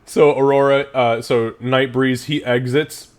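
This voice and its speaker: A man's voice: medium pitch, fairly even intonation, measured pace. A man running a tabletop game, narrating casually with swearing and laughter. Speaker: game master.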